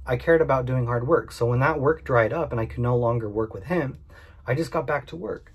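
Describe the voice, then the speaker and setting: Husky earnest man talking to camera. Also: mid-range voice, fast talker. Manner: earnest, candid, repeats points for emphasis. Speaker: small business owner. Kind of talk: direct-to-camera vlog monologue.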